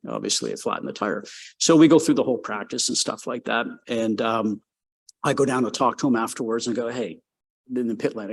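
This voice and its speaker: A man's voice: medium pitch, gravelly. A man in his sixties from Canada, a former race car driver who is the guest. He tells long, rambling stories full of "um"s and gets livelier as he acts out the exchanges. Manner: rambling, filler-heavy, lively when telling a story. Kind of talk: casual anecdotal storytelling.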